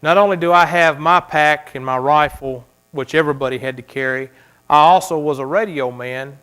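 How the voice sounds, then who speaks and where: Pastor guy preaching in church, bit high voice, goes quiet then loud, dramatic storytelling. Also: normal speed, clean tone. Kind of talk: sermon.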